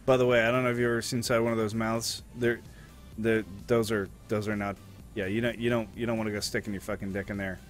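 A man's voice: fairly low pitch, flat delivery, fast, soft background music. A young man streaming a game, chatting casually in a crude, rambling way and swearing a lot. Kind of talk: casual gaming chat.

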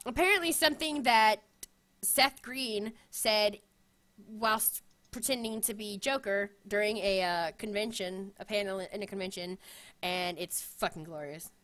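A young woman co-hosting a casual chat, excitable and profane, quick to laugh and shriek. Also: mid-range voice. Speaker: co-host.

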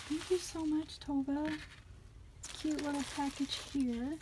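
A woman chatting casually as she unboxes craft gifts on her vlog, gushing with delighted exclamations and often dropping to a soft, near-whispered voice. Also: high voice, steady tone, measured pace, noisy background. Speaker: craft vlogger unboxing a gift swap.

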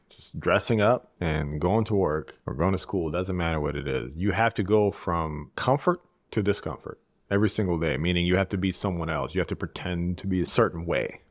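A man from Eastern Europe appears as a podcast guest, talking casually and reflectively, measured in pace and restarting phrases as he thinks. His voice sits low and there's no echo.

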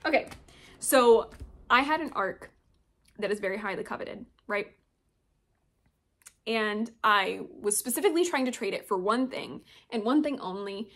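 A woman's voice: mid-range voice, lively intonation, a little slow, long pauses, a bit bright. A young woman in a casual book haul vlog, chatty and gushing as she shows off her new books. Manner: gushing, chatty, reads blurbs aloud. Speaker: booktuber.

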